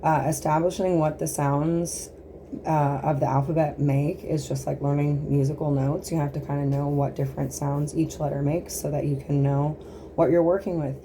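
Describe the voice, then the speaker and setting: A woman's voice: sits low, level tone, moderate pace, warm tone, slight background noise. An American woman at home, sounding out the letters of the alphabet in a casual phonics lesson with a small child nearby. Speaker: home teacher of American pronunciation.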